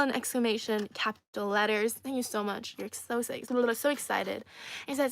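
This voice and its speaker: Chatty young woman livestreaming, higher voice. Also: fairly even intonation, moderate pace, gravelly, a bit bright. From China. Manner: chatty and playful, laughs often, repeats herself. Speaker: livestream host. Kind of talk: casual livestream chat reading comments.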